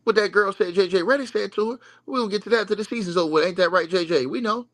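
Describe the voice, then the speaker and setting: A man's voice: sits high, fast, a bit bright, no echo. A man hosting a livestream, giving a mocking, repetitive sports rant straight to his audience. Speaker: livestream host. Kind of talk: animated sports rant to viewers.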